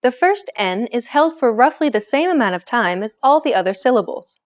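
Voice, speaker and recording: A woman hosting a language lesson, explaining pronunciation in clear, encouraging scripted narration. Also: fairly high pitch, big pitch swings, brisk.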